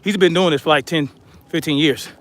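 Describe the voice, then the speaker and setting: Breathless man, high pitch, blunt outdoor vlog monologue while hiking. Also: fairly quick, fairly bright tone. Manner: blunt, chatty, addresses viewers as y'all. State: out of breath from hiking uphill with a pack. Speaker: vlogger.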